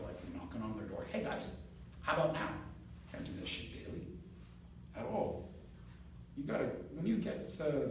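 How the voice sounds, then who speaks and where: A man tells a rambling story in easy conversation, laughing as he goes and acting out everyone's lines. He is heard from a distance in a very echoey room. A faint hiss of noise sits under his voice. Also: mid-range voice. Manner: animated, laughs often, acts out quoted voices. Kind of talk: casual storytelling.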